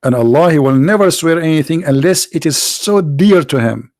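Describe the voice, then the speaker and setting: A man with a gravelly, creaky voice delivers a mocking commentary monologue, firing off sarcastic rhetorical questions. His voice sounds tired, and the recording is dry and close with no room sound. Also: on the high side, lively intonation, normal speed, darkish tone, no echo. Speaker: video host and preacher.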